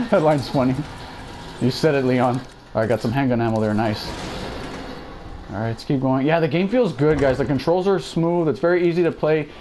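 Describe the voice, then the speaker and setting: There's background noise as a young gaming YouTuber talks at normal speed in a medium-pitched voice. He's jumpy while playing a horror game, exclaiming at each fright and chatting to his viewers.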